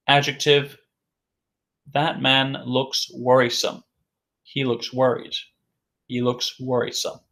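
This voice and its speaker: A man teaching an English vocabulary lesson, saying each word slowly and repeating it several times for learners. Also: medium pitch, creaky, fairly bright tone.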